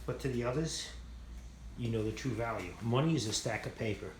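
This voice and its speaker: A man's voice: medium pitch, a little fast, reverberant, a little hiss or hum. A man rambling casually through a vlog tour of his machine shop, self-mocking and swearing freely. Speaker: channel host showing his machine shop.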